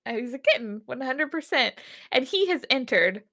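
A woman's voice: sits high, sing-song, bright, forceful tone. A woman co-hosting a podcast in casual chat, laughing often and swearing freely as she recaps an episode. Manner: laughs often, swears freely, acts out characters in quick asides. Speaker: podcast co-host.

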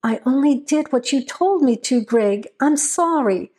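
Frightened young girlfriend, anxious and pleading, fairly high voice; a woman reads her. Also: expressive, measured pace, darkish tone, slightly rough, exaggerated voice.

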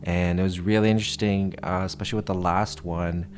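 A man hosting a show, thanking his guest in a calm, reflective way. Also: low voice, fairly quick, a little hiss or hum. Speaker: host. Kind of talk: podcast outro.

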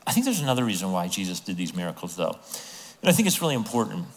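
A man preaching a sermon as a pastor, telling the story with lively acted-out voices of the people in it. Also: low-pitched, rapid-fire. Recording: long hall reverb.

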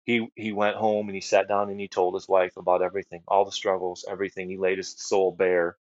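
A man's voice: low voice, little pitch movement, fairly quick, dry recording. A middle-aged man from the United States telling a personal testimony on a podcast, earnest, with repeated phrases and many fillers. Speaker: guest ministry leader. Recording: dry, slightly dull podcast audio.

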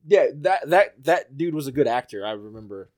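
Mid-pitched man chatting, quick to laugh. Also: animated, darkish tone. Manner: laughs often, halting with many fillers. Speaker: podcast host. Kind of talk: casual chat.

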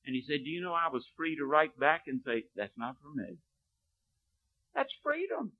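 A man preaching a sermon, telling a story and often dropping to a hushed, low delivery. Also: very animated, normal speed. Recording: narrow, phone-like lo-fi recording.

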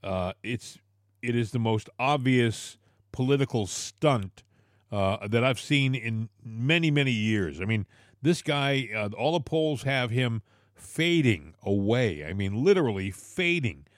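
A man's voice: mid-range voice, lively intonation, a little slow, dry recording, clean studio sound. A man co-hosting a political talk show, emphatic and repeating words as he argues.

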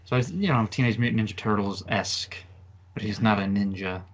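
A man's voice: on the low side, a little fast. A man chatting casually on a podcast about playing a tabletop game, hesitant and self-mocking.

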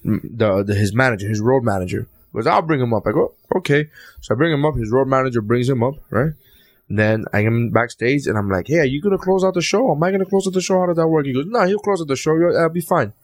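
A man and stand-up comic telling a story in casual chat, quoting people in animated voices and swearing freely. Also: mid-range voice, fast talker. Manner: animated anecdote-telling with quoted voices, profane.

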